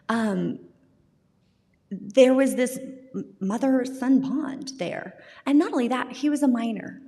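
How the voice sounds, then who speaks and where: A woman guest candidly sharing her personal recovery story, often laughing at herself and restarting her words. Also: mid-range voice. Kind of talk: personal testimony in a recovery talk. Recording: long reverb in a hall.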